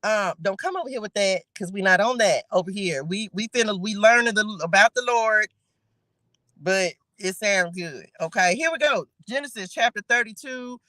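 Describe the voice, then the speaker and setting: A woman's voice: mid-range voice, animated, normal speed, pushed and bright, no echo. A woman hosting a casual livestream Bible study. She reads scripture aloud and chats playfully with her viewers, laughing as she goes. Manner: chatty and playful, laughing, talking straight to viewers.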